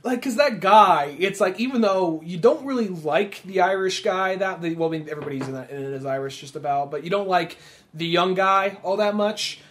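Young male podcast co-host, high-pitched, loose and rambling, casual film chat. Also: brisk, a bit bright, a little hiss or hum. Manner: rambling, loose, with many fillers.

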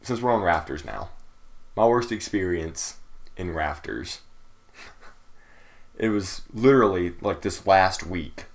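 A man's voice: low-pitched, expressive, takes it slowly, pauses often. A young man co-hosting a podcast, talking casually and searching for his words. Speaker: podcast co-host. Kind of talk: casual chat.

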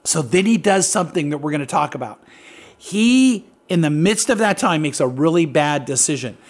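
Middle-aged male pastor, earnest storyteller, speaks on the high side. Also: lively intonation, moderate pace. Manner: storytelling, earnest, leading questions. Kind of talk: conversational preaching.

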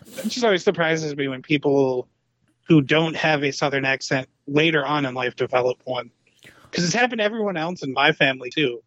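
A man's voice: a little high, fairly quick, fairly bright tone, no room sound, lo-fi sound. Wry man in casual chat. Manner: wry, joking asides. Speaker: podcast co-host.

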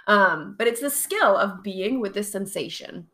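A woman hosting a casual solo podcast, chatty and animated, laughing often and swearing casually while getting over covid. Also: mid-range voice, a little slow. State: recovering from covid. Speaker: podcast host and chronic pain coach.

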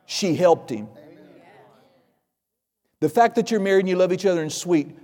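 Male pastor, fairly high voice, lively sermon storyteller, church hall reverb. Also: moderate pace. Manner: storytelling, acts out quoted voices, emphatic.

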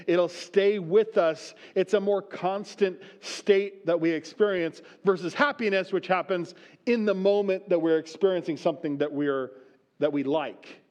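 A man's voice: high voice, darkish tone, muffled recording. A man preaching a sermon as pastor, reading scripture aloud and then explaining it in a conversational way that keeps checking in with "right?". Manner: conversational, often asks the room "right?".

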